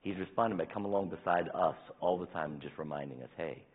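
A deep-voiced man delivers a sermon with a husky grain, swinging from loud emphatic bursts to hushed, almost whispered asides. He tells stories like a fatherly preacher, and the recording sounds thin and tinny, as if heard over a phone line. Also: lively intonation, fast, few pauses. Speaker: pastor.

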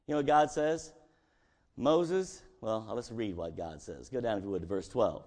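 A man's voice: mid-range voice, expressive, moderate pace, a little mellow. A male pastor preaching a conversational sermon and acting out scripture dialogue, in a church sanctuary.

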